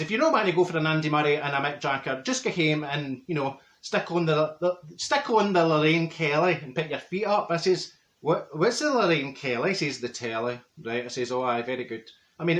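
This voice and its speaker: A man with a fairly high, slightly bright voice plays a chatty, straight-talking middle-aged Glasgow woman in a comic monologue, recorded with reverb. In a Glaswegian Scottish accent, the character rambles through gossip and muddles big words while telling comic stories to camera.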